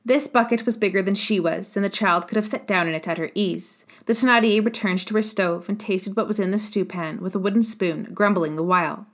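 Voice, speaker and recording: A woman narrating a classic novel as an audiobook, in a measured, steady reading. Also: medium pitch.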